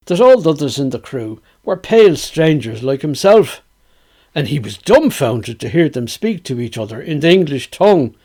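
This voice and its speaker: A man with a Dublin accent reciting a tale in a measured, storytelling manner. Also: medium pitch, a little mellow.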